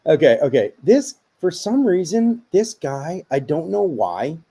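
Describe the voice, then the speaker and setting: A man with a mellow, warm voice pitched a little high reads listener stories aloud in a casual podcast chat. He tells them in a plain storytelling way. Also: big pitch swings, unhurried, husky. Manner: storytelling, reading posts aloud. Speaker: podcast co-host.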